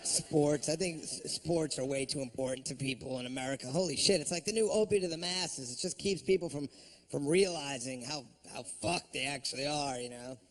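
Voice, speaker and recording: A man's voice: fairly high pitch, brisk, slight background noise. A man doing a stand-up comedy routine on a club stage, ranting in a profane, sardonic way.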